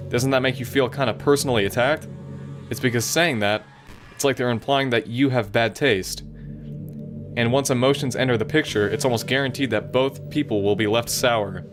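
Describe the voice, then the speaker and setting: Man reading young female club president, sweet, possessive, gentle, self-conscious, plain read-aloud dialogue. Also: mid-range voice, normal speed, music in the background, lightly acted. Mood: lecturing.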